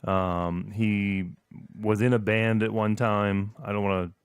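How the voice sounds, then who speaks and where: A man's voice: lowish voice, little pitch movement, slow, smooth, no room sound, clean studio sound. A man co-hosting a casual podcast, rambling with many fillers and restarts. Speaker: podcast co-host. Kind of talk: casual chat.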